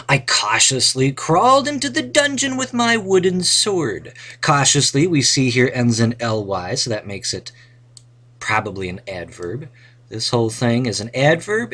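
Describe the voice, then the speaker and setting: Husky-voiced male teacher narrating a recorded grammar lesson; playful, swings his pitch widely. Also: fairly bright tone. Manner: playful, reads example sentences with dramatic flair.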